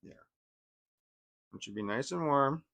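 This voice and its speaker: A man's voice: mid-range voice, animated, a little slow, gravelly. A man talking casually in a vlog, hesitant and full of restarts. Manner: hesitant, repeats words and restarts often; coos softly at his dog. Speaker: vlogger.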